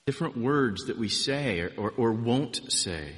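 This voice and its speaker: A man giving an informal sermon, telling personal stories in a relaxed, conversational way with frequent restarts. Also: medium pitch, measured pace, in a large hall. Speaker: preacher.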